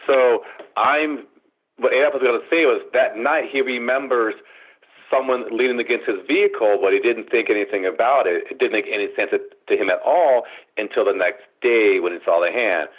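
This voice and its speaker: A man's voice: medium pitch, moderate pace. A man guest on a radio show, telling his story dramatically over the phone. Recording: tinny phone line.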